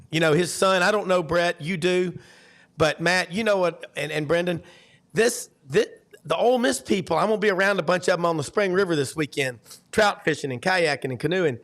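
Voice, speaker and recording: A man co-hosting sports talk, his voice a bit higher than most and gravelly with fry. He tells stories with energy, stumbling and restarting as he goes. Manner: animated storyteller, many restarts. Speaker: co-host.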